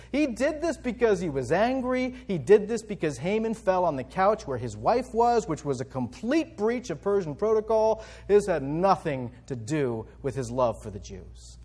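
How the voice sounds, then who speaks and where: Male Bible teacher, high voice, conversational, quick rhetorical questions. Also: a little mellow, husky.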